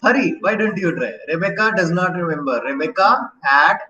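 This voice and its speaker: A man's voice: high-pitched, animated, normal speed, bright, forceful tone, echoey room, low-quality recording. A man teaching an online grammar lesson, often asking questions and checking in with "right?". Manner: questioning, encouraging, repeats "right?".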